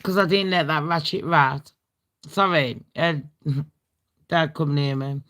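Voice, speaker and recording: A woman's voice: sits low, slow pace, fairly bright tone. A British woman hosting a casual storytime chat, blunt and full of swearing and laughing asides. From Britain. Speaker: livestream host.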